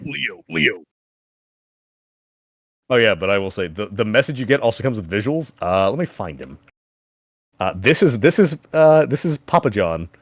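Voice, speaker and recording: A man running a tabletop game as game master, casual and quick to laugh. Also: fairly low pitch, animated, dry recording, studio quality. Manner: casual, laughing, swears freely.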